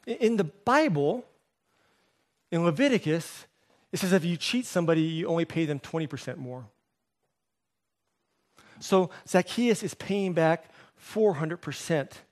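High-voiced man preaching animatedly. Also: moderate pace, pauses often. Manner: animated storytelling, voicing quoted characters; drops to a soft, low voice for emphasis. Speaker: pastor. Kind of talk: sermon.

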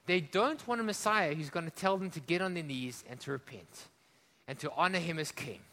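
A male preacher from Africa delivering a sermon, impassioned, swinging between loud emphasis and hushed drops and asking the congregation questions. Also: a little high, fairly quick, in a large hall.

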